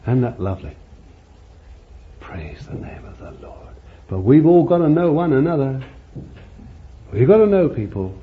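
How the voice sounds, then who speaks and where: Male preacher with a folksy, conversational sermon delivery and an animated pitch, on a muffled lo-fi recording. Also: normal speed, long pauses. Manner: folksy, conversational preaching with many "you see" asides. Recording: muffled lo-fi recording with faint hiss.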